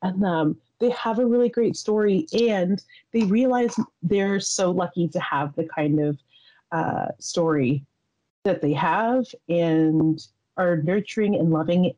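A woman in her thirties hosting a podcast, chatting in a rambling, giggly, halting way. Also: fairly low pitch, mellow, dull audio. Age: 30s. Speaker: podcast host. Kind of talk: casual chat.

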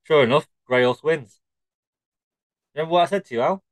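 A man co-hosting a comedy podcast, telling drawn-out joke stories in a deadpan way. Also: on the high side, dry recording, low-quality recording. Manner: deadpan, drawn-out shaggy-dog storytelling. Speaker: podcast co-host.

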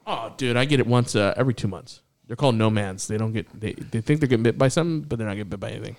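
A man's voice: lowish voice, very fast. A man who works as a bug expert, chatting casually and telling stories with animation. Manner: animated storyteller, mumbles asides. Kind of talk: casual chat.

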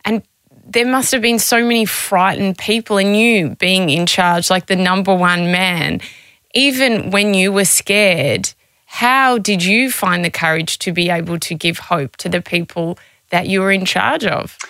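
A woman's voice: medium pitch, measured pace, a bit bright, dry recording. A woman hosting an interview, asking questions in an earnest, admiring way. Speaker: podcast host.

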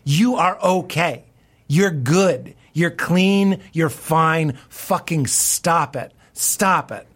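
Excitable laughing comedian man. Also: very slow. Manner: excitable, laughing, voices quotes with big pitch jumps. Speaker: comedian guest. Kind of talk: casual podcast chat.

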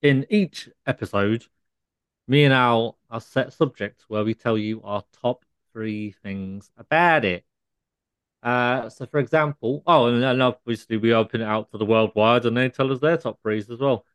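A man co-hosting a casual comedy podcast, delivering mock-scolding deadpan rants. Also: mid-range voice, normal speed, smooth. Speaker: podcast co-host.

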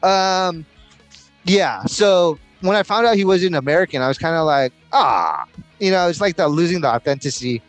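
A man's voice: high-pitched, a little fast, faint music behind. A man co-hosting a casual podcast, telling stories in a profane, rambling way and throwing in mock voices. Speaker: podcast co-host.

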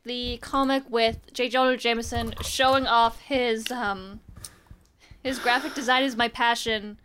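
A young woman casually recapping a comic on a podcast, chatty and wry, slipping into quick voices for the characters. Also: fairly high pitch, steady tone, a bit bright, slight background noise. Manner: chatty, wry asides, acts out quoted lines. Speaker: podcast co-host.

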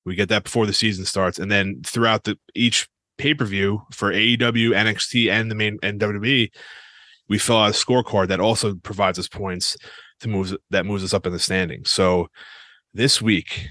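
A man's voice: on the low side, steady tone, moderate pace, bright, forceful tone, no room sound. A man hosting a wrestling podcast in loose, joking chat and swearing freely. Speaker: podcast host. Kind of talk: casual chat.

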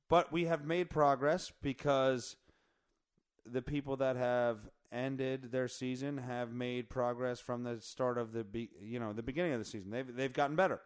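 A man hosting a podcast in a casual, joking chat. His voice is hoarse, and he rambles and corrects himself often. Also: mid-range voice. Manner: rambling, self-correcting, jokey. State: hoarse from singing in the car. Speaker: podcast host.

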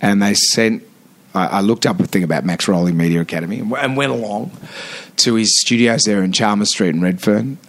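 A man in his fifties with an Australian accent, a radio host chatting as a guest in a podcast studio, telling animated stories with many restarts. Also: lowish voice, a little fast. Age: 50s. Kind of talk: casual interview chat.

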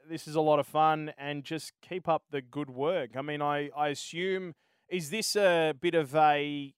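Boisterous Australian man, smooth dry voice. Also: a little high, no room sound. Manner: boisterous, matey, full of slang. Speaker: stream host. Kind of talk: casual live-stream chat.

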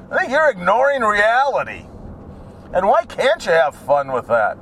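Man, driving vlog, rambling sarcastic rants, high animated voice, faint road noise behind. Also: normal speed. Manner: ranting, sarcastic, drifts between topics, swears. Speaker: vlogger. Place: in a car while driving.

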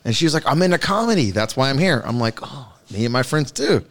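A man's voice: medium pitch, very animated, fast, fairly bright tone. A man telling rowdy stories in a casual podcast chat, swearing and laughing as he goes. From Southern California.

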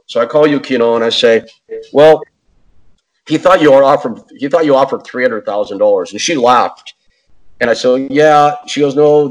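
Speaking as an interview guest, a podcast host with a mid-range voice spins a casual, animated story, voicing quotes in different characters and leaning on "man" and "dude." The audio quality is poor.

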